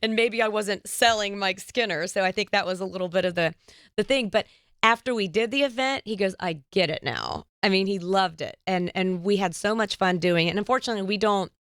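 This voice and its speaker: Woman host, animated storyteller, smooth clear voice, dry close sound. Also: medium pitch, fairly quick, no echo. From United States. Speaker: podcast host. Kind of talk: casual interview chat.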